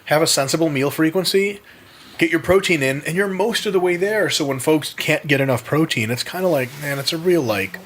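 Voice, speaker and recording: A man's voice: a little high, a little fast, a bit bright, a little hiss or hum. Blunt, joking American man on a podcast. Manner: blunt, swears, jokey asides. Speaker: podcast guest, sports scientist. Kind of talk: casual podcast chat.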